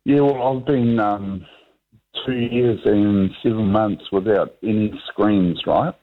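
Slow, low New caller on a phone line. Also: male voice. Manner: rambling, hesitant, many ums and restarts. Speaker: radio caller. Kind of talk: talkback radio call.

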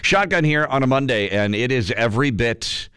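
A man's voice: mid-range voice, expressive, normal speed, fairly bright tone, clean tone, no room sound. A man hosting a morning radio show, chatting casually and telling a story, his voice scratchy and worn.

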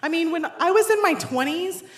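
A woman's voice: very high-pitched, lively intonation, moderate pace, a bit bright. A woman in her forties telling a personal story to an audience in a wry, self-deprecating way, often laughing as she talks. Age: 40s. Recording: roomy echo.

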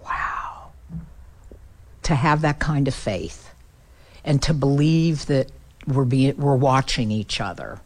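A middle-aged woman speaking as a guest, telling a heartfelt story in an earnest way and dropping her voice low for the sad parts. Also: unhurried, a little mellow. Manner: earnest, builds emotion, drops low for sad moments.

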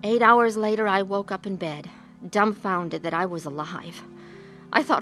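A woman tells her own story earnestly, moving between narration and acted scenes with deep feeling. Her voice sits at an ordinary middle pitch. Soft music plays faintly behind her. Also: unhurried. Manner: earnest and emotional. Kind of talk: dramatized testimony narration.

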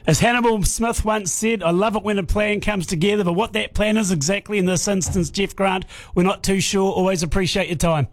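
Blunt joking New radio host. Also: male voice, high voice, a little fast, hardly any pauses, slight background noise. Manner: blunt, joking, direct questions. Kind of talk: rural radio interview.

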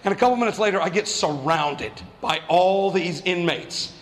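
Stand-up man, high voice, profane self-mocking storyteller, reverberant hall. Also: normal speed. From New Mexico. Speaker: stand-up comedian.

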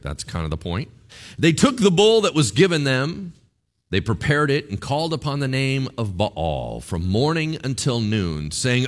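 A man preaching a sermon, animated and joking, acting out voices as he tells a Bible story. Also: medium pitch, normal speed. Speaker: pastor.

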